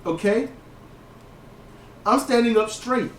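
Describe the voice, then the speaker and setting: A man hosting a casual wrestling podcast, telling stories in a lively way, with frequent swearing and restarted sentences. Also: very high-pitched, takes it slowly. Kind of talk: casual commentary chat. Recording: roomy, distant mic.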